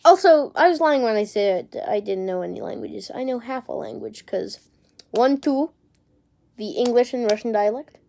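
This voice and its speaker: A woman's voice: fairly high pitch, normal speed, creaky, darkish tone. A young woman talking casually to camera, rambling and unsure, with casual swearing and lots of fillers. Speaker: vlogger.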